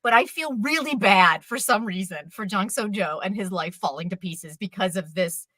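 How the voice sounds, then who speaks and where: A woman gushes through a casual chat about her favorite shows, her voice bright and ringing. Her pitch leaps around in lively swings, and the sound is close and dry. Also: no echo. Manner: animated, gushing, quick asides. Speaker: co-host.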